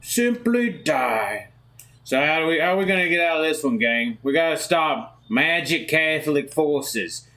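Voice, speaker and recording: A man's voice: on the high side, moderate pace, hardly any pauses, sharp tone. A man co-hosting a comedy podcast, casually narrating an improvised story with crude jokes. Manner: joking, crude, narrates plot beats. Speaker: podcast co-host leading the story.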